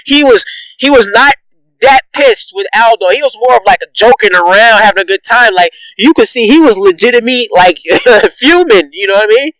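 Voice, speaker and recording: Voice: mid-range voice, animated, a little fast, fairly bright tone, no room sound, poor audio. A reaction vlogger giving heated, profane commentary, ranting with repeated emphatic jabs and frequent laughter.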